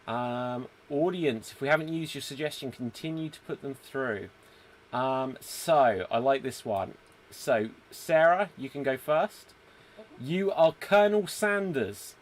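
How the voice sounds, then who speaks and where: A man with a mid-range voice hosts a live online improv show at a measured pace. He's easygoing as he reads out viewer comments and sets up scenes.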